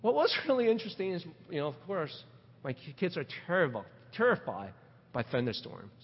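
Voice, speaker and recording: A middle-aged man preaching a sermon, animated, asking rhetorical questions and repeating words as he builds his points. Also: high-pitched, brisk, husky. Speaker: pastor. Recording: dull recording with long hall reverb.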